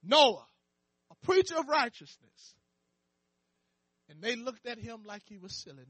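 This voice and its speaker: High-voiced guy preaching in church, bright tone, slow and fervent, lots of amens, gets shouty. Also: very animated, no room sound. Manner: fervent preaching, sprinkled with "amen" and questions to the crowd; rises to impassioned shouting. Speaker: pastor. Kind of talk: sermon.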